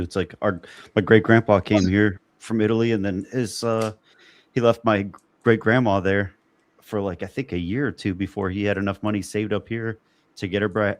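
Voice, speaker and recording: A man hosting a loose roundtable podcast, telling stories in a rambling way and laughing along the way. His voice sits low, and the sound is dry and close, like a home streaming mic. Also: no echo. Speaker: podcast host. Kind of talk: casual roundtable chat.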